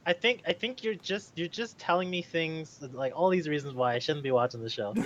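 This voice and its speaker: A man's voice: fairly high pitch, a little fast, dull audio, a crowd in the background. A man on an anime podcast, cutting in with teasing jokes. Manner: joking, teasing interjections. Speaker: podcast co-host. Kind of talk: casual anime podcast chat.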